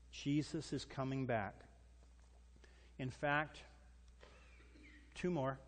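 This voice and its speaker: A man delivers a sermon in an emphatic, animated style, pressing his listeners with rhetorical questions. His voice sits a little higher than most men's. It carries a long reverb tail, as if from a large hall. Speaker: pastor.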